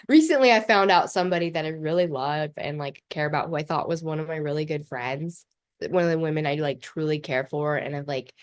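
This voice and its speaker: A woman's voice: deep voice, brisk. A middle-aged woman hosting a podcast, telling personal stories candidly in a loose, blunt way, swearing casually and laughing often. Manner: talks in loose run-on phrases with many fillers. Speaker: podcast host.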